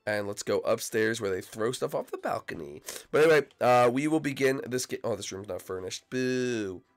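A man with a cold hosting excitable, rambling gameplay commentary. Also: medium pitch, moderate pace. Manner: excitable, rambling, shouts out to friends. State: sick, coughing. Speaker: YouTube gaming host.

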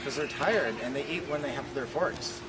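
A camp counselor giving deadpan, absurd answers to silly questions. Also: mid-range voice, moderate pace, background noise. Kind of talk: joking banter.

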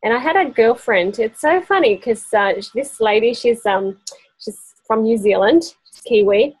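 A woman's voice: on the high side, expressive, normal speed, slightly rough, no room sound, rough recording. A woman presenting essential oils to a small group, chatty and often laughing. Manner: chatty, laughing often, acts out quoted voices. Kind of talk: casual workshop talk to a group.

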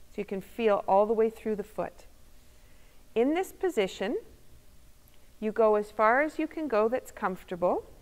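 Calm female movement instructor, mid-range voice, demonstrating as she explains; recorded with a lingering hall echo. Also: medium pitch. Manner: calm, step-by-step demonstrating while speaking. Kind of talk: guided exercise instruction. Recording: long reverb of a hall.

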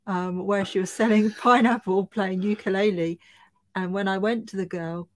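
A woman's voice: mid-range voice, fairly even intonation, normal speed. A woman co-hosting a casual live-stream chat, laughing often as she reads comments aloud. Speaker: co-host.

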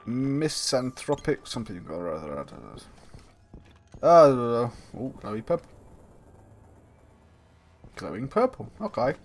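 A man's voice: medium pitch, very animated, a little slow, pauses often, soft background music. Goofy muttering man playing a game. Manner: goofy, sings and mutters to himself while playing. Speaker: gameplay commentator. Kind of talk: casual let's play commentary.

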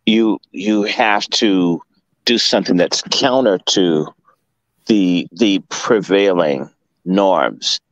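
Dc guy going off, swears a lot, slow and deep-ish, dead dry sound. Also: dry recording, dull audio. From Washington, D.C. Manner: profane, emphatic, lecturing. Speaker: guest commentator. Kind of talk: casual livestream talk.

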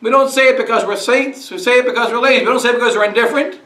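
A priest preaching a sermon with a high, bright, ringing voice. He speaks in a conversational way and keeps putting rhetorical questions to his listeners. He stands away from the microphone in a roomy, echoing church. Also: rapid-fire, a little hiss or hum. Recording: roomy echo, speaker far from mic.

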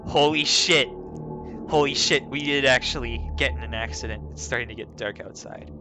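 At normal speed and medium pitch, a man reads aloud from a text adventure game he's playing, laughing and swearing at the story. The tone is casual let's play commentary, and clear background music plays.

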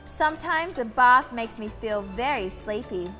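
A woman's voice: on the high side, lively intonation, measured pace, pushed and bright, faint music behind, pitched below the performer's own voice. A woman voicing an eager little girl who does not want to go to bed, in an earnest storybook reading. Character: eager little girl, Millie, bedtime-resisting.

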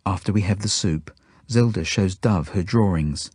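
A man reading his own novel aloud as audiobook narration, in a steady, plain first-person storytelling manner. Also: deep voice, moderate pace, slightly rough, no room sound, studio quality.

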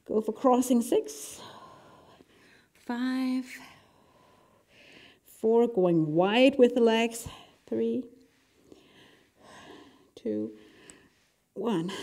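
Slow-talking upbeat fitness instructor woman. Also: on the high side, dark tone. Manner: chatty and upbeat, laughs often, counts down reps. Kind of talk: workout instruction.

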